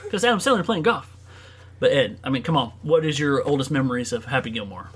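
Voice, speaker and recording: A man's voice: medium pitch, animated, fast, slightly rough. A man hosting a casual podcast chat, laid-back and slangy, steering the talk with questions. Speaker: podcast host.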